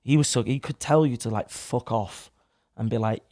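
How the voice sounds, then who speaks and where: A man's voice: mid-range voice, normal speed, dark tone, no echo, clean studio sound. A young man, casually telling a rambling story in a podcast chat, with some swearing. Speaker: podcast guest. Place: studio. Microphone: studio microphone.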